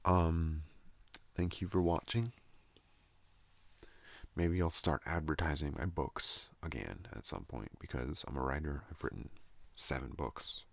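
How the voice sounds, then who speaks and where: Male ASMR host, very low and slow, soothing soft-spoken ramble, dry close sound. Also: gravelly, dry recording. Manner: soothing, unhurried monologue. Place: at home in a trailer.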